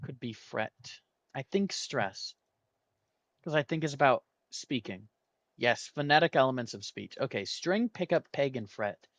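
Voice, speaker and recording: A man's voice: mid-range voice, expressive, measured pace, a bit bright, no echo. A man hosting a gaming video, thinking aloud and muttering guesses as he works through a word puzzle. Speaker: gaming channel host. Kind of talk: casual puzzle-solving commentary.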